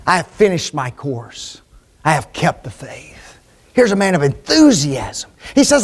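Preacher man, high voice, sermon delivery that swings from loud to hushed. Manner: emphatic, rhetorical questions, swings between loud and hushed.

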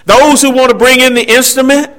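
A man's voice: very high-pitched, fairly even intonation, a little fast, fairly bright tone. A man preaching a sermon, emphatic, with rising and falling delivery and asides to the congregation.

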